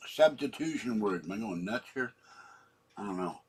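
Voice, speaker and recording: A man's voice: lowish voice, expressive, normal speed, husky. A man in his seventies telling a meandering personal story, trailing off and correcting his own words, his throat sore from coughing. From San Francisco. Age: 70s. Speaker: channel host.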